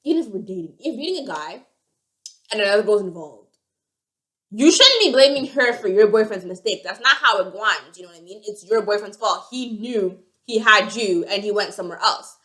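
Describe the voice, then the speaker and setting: Bright, animated young woman telling a story. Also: a little high. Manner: animated, acts out the other voices. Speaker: vlogger. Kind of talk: storytime vlog.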